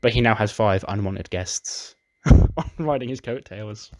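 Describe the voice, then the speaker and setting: Chatty low-voiced man narrating a game. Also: a little slow. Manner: chatty, animated retelling. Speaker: let's play narrator. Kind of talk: casual game story narration.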